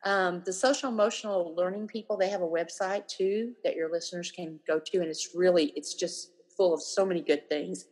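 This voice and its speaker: A woman in her fifties, a guest in a casual interview, talking animatedly and acting out the lines of the people she quotes. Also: on the low side. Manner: animated, acts out quoted dialogue.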